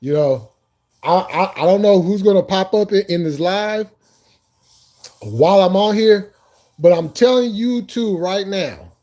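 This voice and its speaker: Hosting a casual stream, this man laughs almost the whole time while joking with chat viewers, his speech profane, loose and repetitive. His voice sits high yet sounds mellow and darker, and he takes an unhurried pace.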